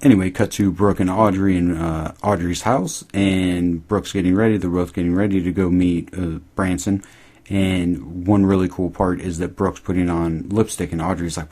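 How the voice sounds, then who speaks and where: A man casually recapping a TV episode, rambling and swearing, quoting characters in high mocking voices. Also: fairly even intonation, moderate pace, darkish tone. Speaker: podcast host recapping a TV episode. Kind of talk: casual chat.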